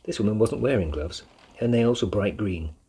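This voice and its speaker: A man reading an audiobook aloud in a steady storytelling manner. His voice sits very low and sounds heavily husky throughout. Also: moderate pace. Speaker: narrator. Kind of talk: audiobook narration.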